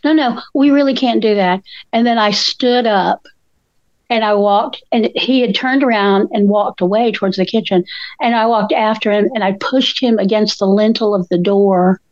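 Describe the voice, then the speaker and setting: A woman's voice: mid-range voice, normal speed, no room sound, muffled recording. An older woman co-hosting a casual chat, telling stories and acting out the quotes in them. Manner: animated storyteller, acts out quotes. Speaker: co-host.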